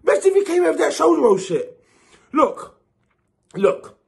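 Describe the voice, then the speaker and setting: Man, high voice, boxing channel host, animated swearing rant. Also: moderate pace, creaky. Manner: animated, swearing, repeats himself, rising to shouts. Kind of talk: casual boxing opinion rant.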